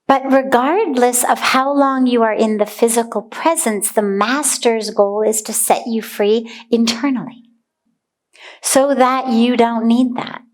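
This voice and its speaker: A woman giving a spiritual talk as a teacher, speaking in a deliberate, earnest way and dwelling on single words. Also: on the high side, fairly even intonation.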